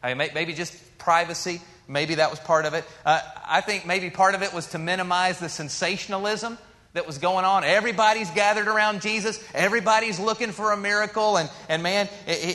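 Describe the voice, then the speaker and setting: A male pastor preaching a sermon in a conversational way, pushing up for emphasis and then dropping to a soft, slow hush. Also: high-pitched, fairly even intonation. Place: church sanctuary. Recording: long hall reverb.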